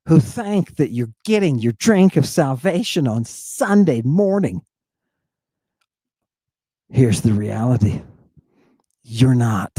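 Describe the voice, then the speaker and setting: Combative, theatrical man with a lively voice. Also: on the high side, husky, no echo. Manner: combative, theatrical, swings between loud outbursts and hushed asides. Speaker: show host. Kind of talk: fired-up monologue, reading ancient Greek text aloud.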